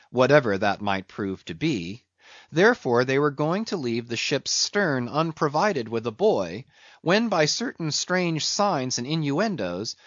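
Male audiobook narrator, measured and expressive, dry close recording. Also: medium pitch, no room sound, muffled recording. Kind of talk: reading a classic novel aloud.

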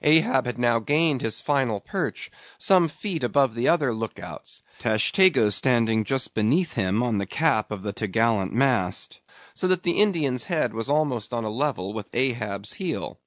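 A man's voice: mid-range voice, animated, unhurried, a bit bright, no room sound. Man reading an audiobook narration. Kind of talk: scripted narration. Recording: dull, dry sound.

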